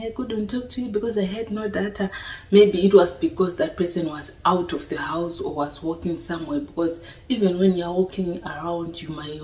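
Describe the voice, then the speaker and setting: A young woman chats unhurriedly to her audience, checking in with "you understand?". Her voice sits low, and it comes across a bit distant from the mic, with a noticeable room echo. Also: dark tone. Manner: chatty, asks "you understand?" often. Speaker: vlogger. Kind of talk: casual talk to camera. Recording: roomy echo, voice a little off-mic.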